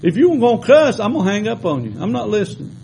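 Man preaching, highish voice, folksy stories, faint hum behind. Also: sing-song, fast talker, creaky, low-quality recording. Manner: folksy storytelling, swings from loud exhortation to quiet asides. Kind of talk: sermon.

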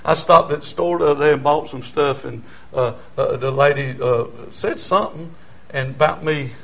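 A man in his sixties with a Southern American drawl preaches his testimony to a church congregation, and his voice sits unusually high. He tells his story in a hushed, confiding tone, then climbs to fervent near-shouts. He laughs easily between points. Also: moderate pace, gravelly. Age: 60s. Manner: animated, swings from quiet storytelling to near shouting, chuckles often. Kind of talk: testimony sermon.

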